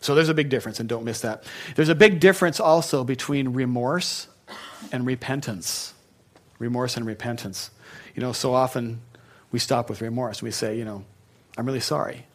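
A man's voice: medium pitch, normal speed. A male pastor preaching a sermon in a conversational way, with joking asides.

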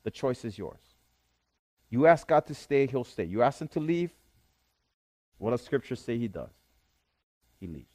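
A man's voice: mid-range voice, big pitch swings, a little slow, pauses often, a little mellow, no echo. A man preaching a sermon, reading scripture aloud and explaining it, often checking in with his listeners. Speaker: pastor.

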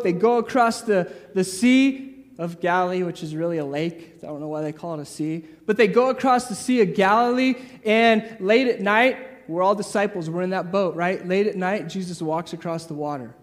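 A man delivers a sermon in a high voice. He talks casually and acts out the voices of the people in the story. His words carry a long echo from a large hall. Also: moderate pace. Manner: lively, acts out crowd voices, casual asides. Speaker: preacher.

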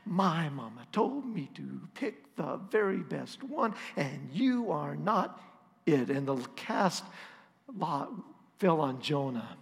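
A man's voice: a little high, animated, measured pace, gravelly. Man preaching in a long reverb. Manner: conversational and self-deprecating storytelling. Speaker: pastor. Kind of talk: storytelling sermon.

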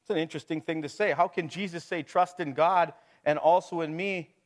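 A man's voice: a little high, steady tone, fairly quick. Man, middle-aged, pastor, conversational sermon, rhetorical questions, chuckles.

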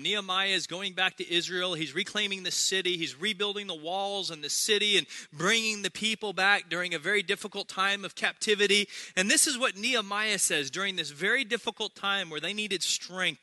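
High, bright-voiced pastor preaching. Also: male voice, no echo. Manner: energetic, humorous preaching with repeated phrases. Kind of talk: sermon.

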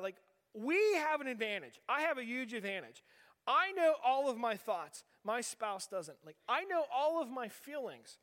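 A man's voice: very high voice, a bit bright. A man in his forties from western Pennsylvania, preaching a sermon in a conversational way and asking the audience rhetorical questions. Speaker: pastor. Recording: long reverb of a large hall.

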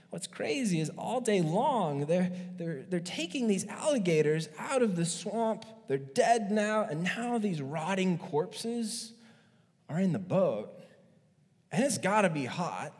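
A male pastor preaching a sermon in an animated, joking way, acting out stories as he goes. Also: sits high, unhurried, in a large hall.

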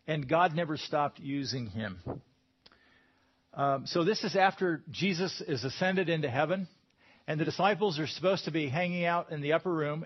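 Conversational preacher, a man with lo-fi sound. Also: on the high side. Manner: conversational, rises to emphatic bursts when quoting. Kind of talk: sermon.

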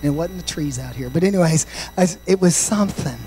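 A male pastor preaching a sermon, swinging from shouted, sing-song passages to quiet, confiding stories and dropping in "amen" and "praise God" often. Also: fairly high pitch, quick pace, slight background noise, rough recording.

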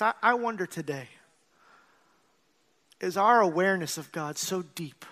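A pastor preaching a sermon to his congregation, earnest, swelling into emphatic bursts and dropping to quiet, confiding asides, calling out to the church. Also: sits high. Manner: calls out to the congregation.

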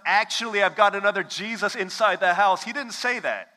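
A man's voice: sits high, brisk, sharp tone. A man preaching a sermon, telling stories and acting out phone calls as he goes. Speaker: pastor. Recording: long hall reverb.

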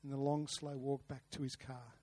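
A man's voice: mid-range voice, flat delivery, moderate pace, a little mellow. A man preaching a sermon, earnest, with rhetorical questions and repeated words. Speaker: pastor. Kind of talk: sermon with a told story.

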